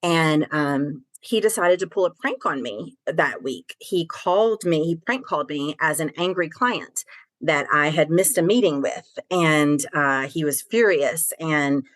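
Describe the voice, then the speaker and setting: A woman's voice: low voice, expressive, measured pace. A middle-aged woman from Tennessee, a podcast guest, telling a personal story frankly with casual swearing and many fillers.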